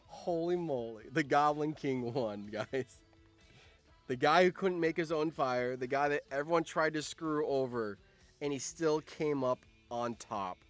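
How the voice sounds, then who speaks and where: A man streaming and commenting on a game, reading out results, laughing often and swearing. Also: medium pitch.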